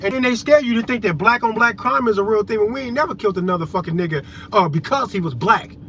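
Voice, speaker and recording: A man's voice: high voice, fast talker. Man ranting profanely over road noise. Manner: heated, profane, confrontational. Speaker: vlogger. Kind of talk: ranting monologue to viewers. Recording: dull lo-fi audio with loud road noise.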